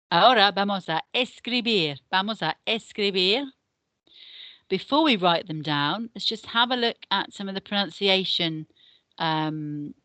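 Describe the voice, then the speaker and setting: An English woman teaching a recorded Spanish lesson for beginners. She speaks slowly and deliberately, modelling each word for pupils to copy. Her voice sits slightly low, recorded dry and close. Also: a bit bright, dry recording. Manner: slow, careful modelling of pronunciation.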